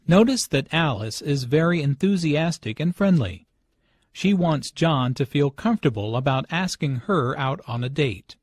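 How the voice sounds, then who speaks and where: Slow-speaking man explaining English phrases. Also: on the high side, lively intonation, dry recording. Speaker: English lesson narrator. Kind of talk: scripted narration.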